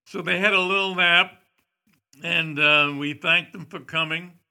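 An older man tells a story at an unhurried, slow pace, pausing often on "uh" as he gathers his thoughts. His voice is very bright and forceful, a little tense at the edges. It is a relaxed, rambling anecdote told to a listener. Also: a little high, gravelly, clean tone. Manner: rambling, halting with frequent "uh" fillers. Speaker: storyteller recalling a celebrity visit. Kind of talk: casual anecdote.

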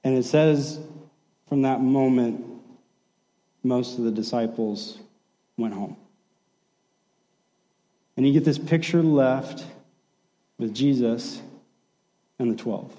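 A pastor giving a sermon in a relaxed, conversational storytelling way, acting out the quoted lines. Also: male voice, mid-range voice, takes it slowly, pauses often, in a large hall, rough recording.

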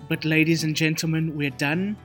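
A man hosting a podcast in a casual way, briskly leading the chat with questions. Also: fairly high pitch, fairly even intonation, fairly bright tone, soft background music. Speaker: podcast host.

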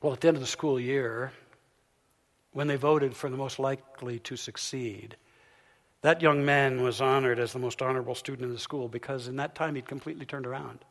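A man giving a sermon, telling a story as he swings from loud, emphatic peaks down to soft, hushed lines. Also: medium pitch, fairly even intonation, a little fast. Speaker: pastor. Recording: long hall reverb.

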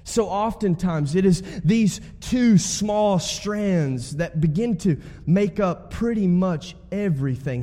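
Pastor preaching in an echoing hall. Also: male voice, a little high, warm tone. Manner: conversational preaching with call-and-response prompts. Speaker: guest pastor. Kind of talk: sermon. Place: church sanctuary. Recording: long church hall reverb.

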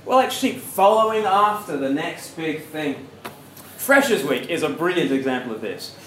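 A man's voice: on the high side, lively intonation, moderate pace, fairly bright tone. A man with an Australian accent giving a jokey, conversational evangelistic talk, asking his audience questions. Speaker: preacher giving a campus talk. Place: university lecture hall. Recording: echoey hall with faint noise.

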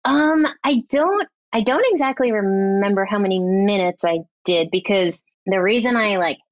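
A woman's voice: mid-range voice, no room sound. Young woman rambling through a story on a podcast, lots of likes, kinda muffled dry sound. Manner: chatty, quick storytelling full of fillers. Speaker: guest film editor. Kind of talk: casual podcast interview. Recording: slightly dull lo-fi audio.

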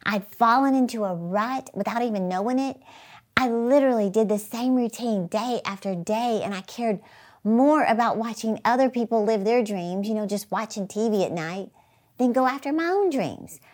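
A woman's voice: fairly high pitch, moderate pace, a little mellow. A middle-aged woman preaching an earnest motivational sermon, telling stories with emphasis.

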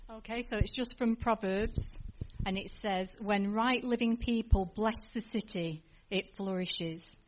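A woman reading a short scripture and giving a gentle, informal blessing to a church gathering. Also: medium pitch, a little slow, lo-fi sound, a little hiss or hum. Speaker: congregation member giving a blessing. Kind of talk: reading scripture and brief exhortation.

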